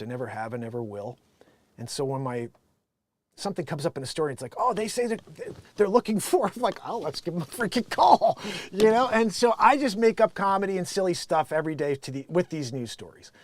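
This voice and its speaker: A man hosting a live daily news-comedy show, ranting off the cuff with a loud, profane, emphatic delivery. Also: medium pitch. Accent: Connecticut. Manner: loud, emphatic and profane, swings between shouting and muttering. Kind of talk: unscripted ranting commentary on news.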